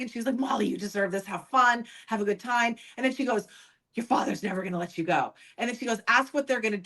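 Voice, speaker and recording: A woman's voice: a little high, fairly bright tone, rough recording. A woman guest on a podcast, speaking candidly about her past and acting out other people's lines when she quotes them. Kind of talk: personal storytelling in an interview.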